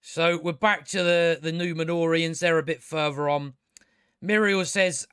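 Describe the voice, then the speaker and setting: A man with a notably high voice tears into a TV episode, sarcastic and exasperated, swearing as he goes. The sound is close and dry, with no room around it. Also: little pitch movement, moderate pace, fairly bright tone, smooth, no room sound. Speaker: TV show reviewer. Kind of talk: casual ranting review.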